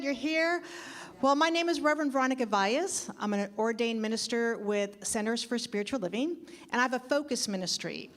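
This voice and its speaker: Lively woman minister, fairly high voice. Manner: lively and conversational, asks the audience questions. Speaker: guest minister. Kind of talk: sermon. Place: church sanctuary.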